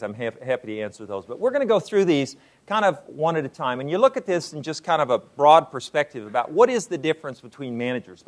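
A man, older, giving a lecture to an audience as a university president, unhurried and full of "uh" fillers. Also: mid-range voice.

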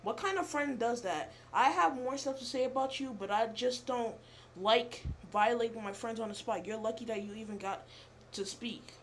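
A young woman vlogger telling a rambling, animated, profane story in casual chat. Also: a little high, moderate pace, slight background noise.

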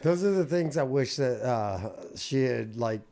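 A man's voice: medium pitch, expressive, measured pace, mellow, a little hiss or hum. A man co-hosting a podcast, chiming in with laid-back banter and swearing in casual chat. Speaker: podcast co-host.

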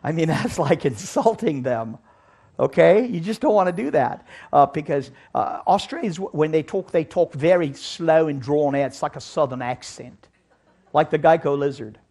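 A man giving an animated sermon-style Bible lecture, asking his audience rhetorical questions. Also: on the high side, normal speed, vocal fry, breathy edge. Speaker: Bible teacher.

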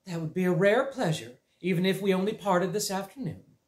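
A gentle young country schoolteacher lady who speaks softly and politely, as a man reads her. Her voice is raised in pitch and lilting. The recording has a roomy echo. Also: animated, brisk. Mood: surprised.

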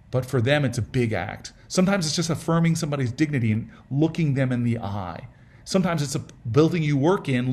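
A man's voice: on the high side, darkish tone. A middle-aged man telling a personal story in a casual fireside chat, earnest and humorous, with frequent restarts and repeated words. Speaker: senator speaking as guest in a fireside chat.

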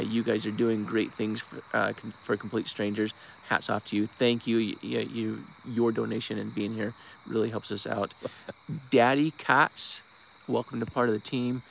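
Vocal fry and a fairly bright tone mark the mid-range voice of a live-stream host from Bend, Oregon, who works as a search-and-recovery diver. Outdoors at night, with slight noise behind him, he gives a casual, rambling update full of restarts and thanks donors one by one.

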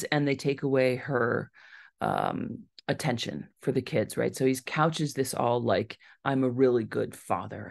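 A woman's voice: sits low, gravelly. A woman author giving a library talk, telling a true story and acting out the people in it. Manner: animated storyteller, acts out quoted voices. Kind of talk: storytelling lecture.

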